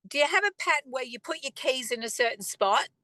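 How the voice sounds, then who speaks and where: A woman tells a faith testimony in a higher, bright and forceful voice. She speaks earnestly and conversationally, with pauses and the odd throat clear. The recording is close and dry. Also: lively intonation, no room sound, rough recording. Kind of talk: personal testimony talk.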